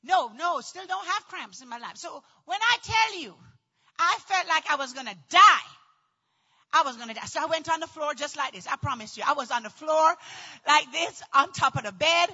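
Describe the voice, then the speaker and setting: Dramatic high-voiced woman storyteller. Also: animated, normal speed, muffled recording. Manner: dramatic, acts out voices, often shouts. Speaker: storyteller recounting childbirth. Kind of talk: animated personal storytelling.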